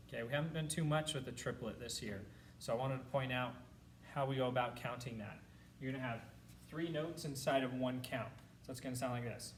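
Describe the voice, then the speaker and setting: A man's voice: medium pitch, moderate pace, far from the mic, background noise. A man teaching a school band lesson, explaining rhythms and chanting counts and syllables aloud for his students. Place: classroom.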